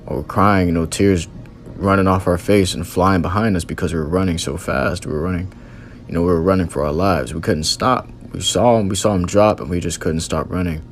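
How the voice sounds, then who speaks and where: A man's voice: low voice, fairly quick, slight background noise. A man earnestly recounting a religious vision as a testimony, in loose storytelling with many fillers.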